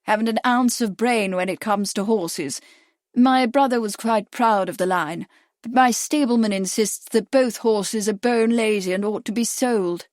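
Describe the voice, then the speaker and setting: A woman's voice: mid-range voice, unhurried, darkish tone, no echo, clean studio sound, lightly acted. A woman voicing a foppish upper-class English lord with an exaggerated posh lisp and a fatuous, expansive manner, in an audiobook. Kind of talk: audiobook character voice.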